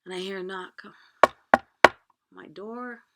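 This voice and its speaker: A woman telling a personal story from her own life, moving between hushed whispers and loud, pleading outbursts. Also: medium pitch, animated, takes it slowly, very noisy.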